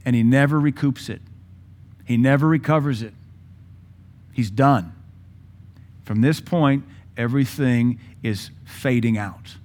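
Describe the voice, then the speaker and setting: A man's voice: medium pitch, darkish tone. Impassioned man preaching a sermon. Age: 40s. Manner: impassioned, dramatic pauses, mimics Bible voices.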